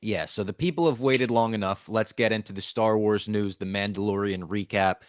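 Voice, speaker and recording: A man's voice: lowish voice, brisk, clear, resonant tone, no echo. A man hosting a podcast in casual chat, upbeat and leading into each segment. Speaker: podcast host.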